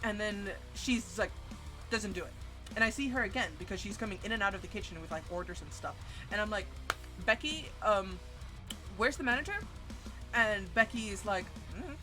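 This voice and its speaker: A woman in her twenties streaming, telling a story in a casual, animated and profane way. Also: medium pitch, fairly quick. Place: home streaming setup. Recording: stream audio with music underneath. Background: background music.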